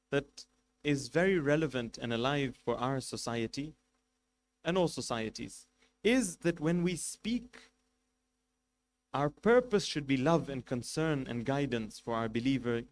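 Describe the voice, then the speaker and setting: A man's voice: fairly high pitch, slight background noise. A man giving a religious lecture as a sheikh, making numbered points and asking rhetorical questions with emphasis. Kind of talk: sermon.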